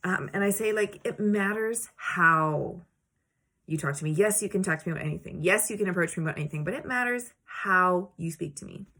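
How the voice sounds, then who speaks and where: Chatty animated woman teaching scripture memory. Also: medium pitch, fast talker, few pauses. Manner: chatty and animated, acts out quotes; encouraging, plainspoken. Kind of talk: casual teaching video.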